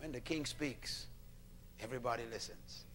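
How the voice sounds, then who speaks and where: A man preaching a sermon to a congregation, emphatic and animated, calling for responses and now and then shouting out a line. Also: mid-range voice, moderate pace, slight background noise.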